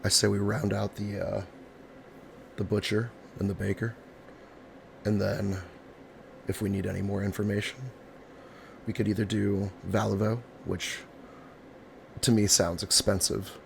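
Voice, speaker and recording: Gravelly low man thinking aloud. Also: little pitch movement, a little slow, long pauses, slight background noise. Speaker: player.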